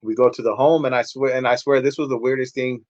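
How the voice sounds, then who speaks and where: A man's voice: medium pitch, steady tone, quick pace, darkish tone, dry recording, lo-fi sound. A man, a pastor and podcast guest, telling his life story in a candid, streetwise way, acting out what people said. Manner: candid, streetwise, acts out quotes. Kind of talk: casual storytelling.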